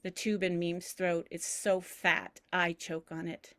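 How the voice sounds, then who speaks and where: A woman reads her own memoir aloud, slowly and reflectively, letting each phrase settle. Her voice sits fairly low, and the recording is close and completely dry. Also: little pitch movement, a bit bright, no room sound. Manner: measured, reflective, deliberate pauses. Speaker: memoir reader. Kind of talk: reading a personal memoir aloud.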